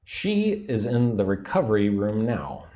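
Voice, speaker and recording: Slow, patient teacher man. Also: lowish voice, sing-song, mellow. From United States. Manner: slow, patient, repeats phrases for learners. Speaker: English teacher. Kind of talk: livestream English lesson.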